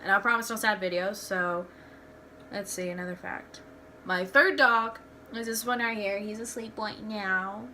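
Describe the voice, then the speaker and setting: Young woman, bright clear voice, candid rambling vlog talk, faint hiss behind. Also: medium pitch, measured pace. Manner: candid, rambling, with frequent restarts. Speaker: vlogger. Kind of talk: casual storytelling vlog.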